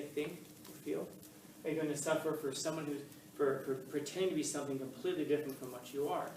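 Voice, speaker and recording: A man with a fairly high voice teaches a philosophy class, telling stories and acting out the voices in them. The mic sits some way off in a reverberant classroom, with a faint hum of room noise behind him. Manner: animated storytelling, acts out voices in anecdotes. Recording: echoey room, mic at a distance.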